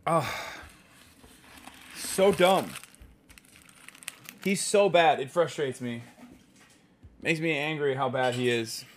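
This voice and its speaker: A man in his thirties hosting a live stream, profane and mocking in loud rants. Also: a little high, slow, pauses often, a little hiss or hum. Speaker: streamer host.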